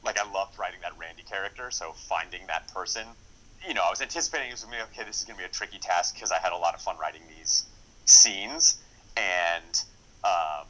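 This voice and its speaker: A man with a low voice and a sharp tone talks briskly in a casual interview about the film he wrote and directed. He's enthusiastic and rambling, with lots of fillers and restarts, and the recording is rough.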